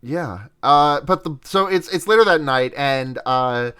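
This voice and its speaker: A man's voice: medium pitch, animated, unhurried, bright, forceful tone, clear, resonant tone. A man co-hosting a podcast, recapping a film in casual chat, rambling and swearing with frequent laughs. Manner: rambling, profane, laughs often. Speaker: podcast co-host.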